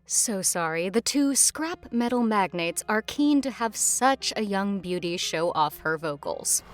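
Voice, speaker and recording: A woman's voice: medium pitch, animated, measured pace. A woman co-hosting a film podcast, reading a plot synopsis with wry, teasing asides. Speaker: podcast co-host.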